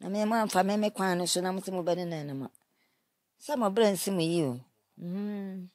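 A woman in her nineties from Ghana, telling her life story in an interview and giving advice with lively quoted speech. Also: medium pitch, normal speed, no room sound, clean studio sound. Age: 90s. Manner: animated, advising, acts out quoted speech.

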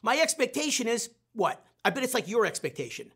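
A man's voice: very high voice, very animated, brisk, few pauses, a bit bright, breathy edge. A middle-aged man, a sales trainer, telling a self-mocking story in a live online training session and putting questions straight to his audience.

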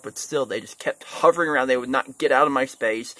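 A man's voice: medium pitch, brisk, hardly any pauses, sharp tone, no echo. Irritated man ranting in a dry vlog. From USA. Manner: irritated, complaining, repetitive. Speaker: vlogger. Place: beach.

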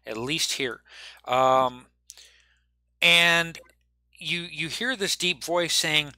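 A man with a bright, fairly high voice runs a tabletop game as game master. He talks haltingly, full of fillers and restarts. The sound is dry and close. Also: no room sound.

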